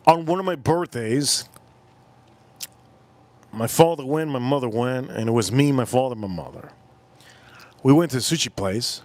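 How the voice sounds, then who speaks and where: On a casual live stream, a man in his forties tells a rambling story, repeats himself, and suddenly launches into loud, high-pitched impressions as host.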